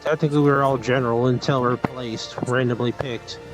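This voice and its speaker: A man's voice: medium pitch, steady tone, brisk, rough recording. Easygoing guy directing people around, music in the back. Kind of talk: casual chat, organizing a group.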